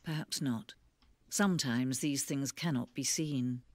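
An actress voicing a calm, solemn female narrator in a video game who speaks slowly and earnestly. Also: a bass voice, slight background noise. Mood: pleading.

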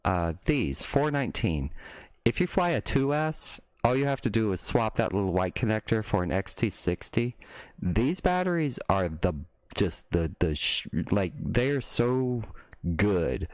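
A deep-voiced man talks casually on a live stream. He rambles, stops mid-sentence and starts over, then breaks into loud mocking rants. The sound is dry, with almost no room in it. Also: big pitch swings, a little slow, no room sound.

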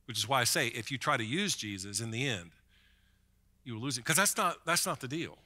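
A man's voice: mid-range voice, lively intonation, brisk, pushed and bright. A man preaching a sermon as pastor, in a conversational way, often repeating a word as he starts a thought.

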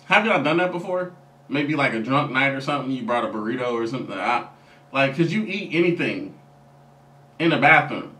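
A man's voice: medium pitch, animated, brisk, pushed and bright, echoey room, far from the mic. A man hosting a reaction channel in casual commentary, upbeat and talking straight to his subscribers.

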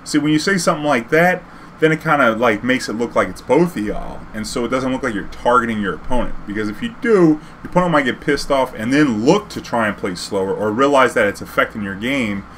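Man, casual profane storyteller, mid-pitched, faint background hum. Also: fairly quick. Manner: animated, profane, acts out heated exchanges. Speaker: streamer telling a story.

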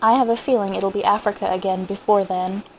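A woman's voice: mid-range voice, fairly even intonation, fairly quick, a little hiss or hum, close to an everyday voice, low-quality recording. A woman reading as a brooding, exasperated father. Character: stern worried father of two.

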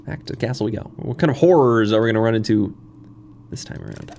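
A man's voice: fairly low pitch, expressive, quick pace, creaky, darkish tone, a little hiss or hum. A joking man commenting on a game. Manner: casual, joking asides. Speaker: gaming channel host.

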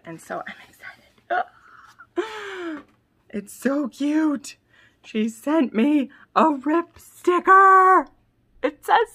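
Young female book vlogger, excitable and gushing, bright tone, swings from squeals to whispers. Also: medium pitch, vocal fry. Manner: drops to soft whispers between bursts. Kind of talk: casual vlog unboxing.

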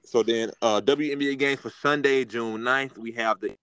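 A man co-hosting a sports podcast, rambling and excitable, full of fillers and restarts. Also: medium pitch, normal speed, clear, resonant tone, no echo, low-quality recording. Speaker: podcast co-host. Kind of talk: casual sports chat.

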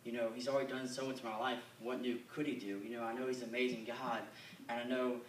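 A young man giving an earnest, halting church testimony full of fillers. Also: mid-range voice, little pitch movement, noisy background. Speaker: youth camper giving a testimony. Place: church or camp meeting hall. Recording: echoey hall, mic at a distance.

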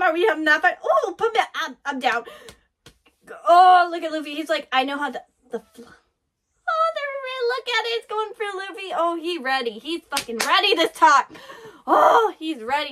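A woman hosting an anime reaction, talking excitedly over what she watches, gasping, laughing and swearing. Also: very high-pitched, normal speed. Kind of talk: live reaction commentary.

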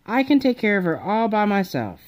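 A woman's voice: mid-range voice, sing-song, brisk, pitched above the performer's own voice, natural voice. A woman voicing an eager, clumsy young boy frog in a storybook read-aloud, bouncy and a little whiny.

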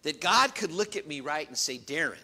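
A middle-aged man preaching a sermon as pastor, earnest, shifting between loud emphasis and quiet, confiding storytelling. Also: fairly high pitch, expressive, fairly quick. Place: church.

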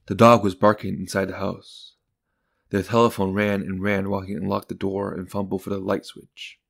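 Low, gravelly male narrator. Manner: even, unhurried reading. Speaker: audiobook narrator. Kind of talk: calm scripted story narration.

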